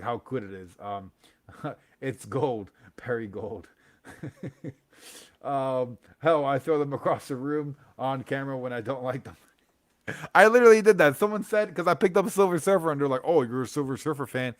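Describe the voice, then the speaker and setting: A man's voice: medium pitch, normal speed, no room sound. A young man hosting a comics livestream, rambling in casual chat with lots of fillers, slang and laughs.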